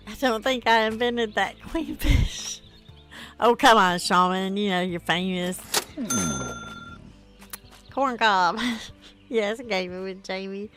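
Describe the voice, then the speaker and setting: A woman's voice: mid-range voice, slow pace, long pauses, fairly bright tone, faint music behind. A tired woman streaming a game, chatting casually and reading viewer comments aloud. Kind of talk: casual gameplay stream chat.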